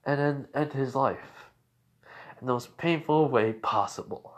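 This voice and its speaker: A man's voice: medium pitch, a little slow. A man casually narrating a fan story in a loose, rambling way. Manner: rambling, loose, full of "like" and "he was like".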